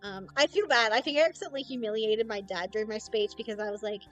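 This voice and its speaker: A young woman chats casually on stream. Her voice sits a little high, and she rambles through stories, slipping into mock quotes as she goes. Faint music plays quietly underneath. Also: fast. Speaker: VTuber streamer. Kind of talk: casual chat.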